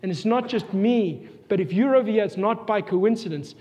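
A South African man preaching in a fairly high voice, earnest and given to rhetorical questions. His words ring with the long reverb of a church hall. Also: animated, moderate pace, mellow. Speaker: pastor. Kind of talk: sermon.

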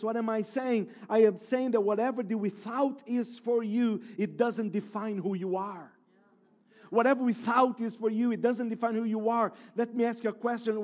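High-voiced emphatic male preacher. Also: darkish tone. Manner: emphatic preaching with repeated phrases and restarts. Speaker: pastor. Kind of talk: sermon.

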